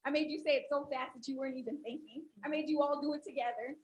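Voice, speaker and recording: A woman's voice: high-pitched, fast talker, a little hiss or hum, rough recording. A woman academic speaking on a panel, talking with animation and leading the audience through an exercise. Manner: animated, instructive, audience-engaging.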